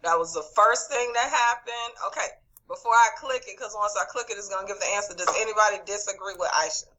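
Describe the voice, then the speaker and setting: Bright-voiced teacher on a video call. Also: female voice, mid-range voice, quick pace, a little hiss or hum, low-quality recording. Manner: encouraging, calls on students by name. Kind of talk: online class quiz review.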